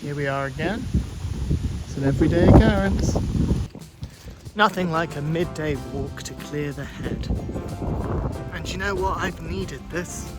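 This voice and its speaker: A man talking casually to camera in a vlog, thinking out loud in a chatty, easygoing way. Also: on the high side, a little slow, long pauses, over loud music. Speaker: vlogger.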